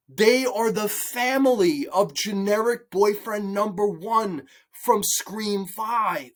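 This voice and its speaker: A man's voice: high voice, slow, few pauses, a bit bright. A man delivering an angry, profanity-heavy movie review rant, repeating himself in exasperation. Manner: angry, sweary, repetitive, exasperated.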